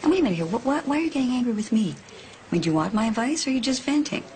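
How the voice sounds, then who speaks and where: An actress playing a blunt, sharp-tongued woman who challenges her friend with sarcastic questions. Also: on the high side, sing-song, racing, noisy background. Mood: challenging. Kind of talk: TV movie acting.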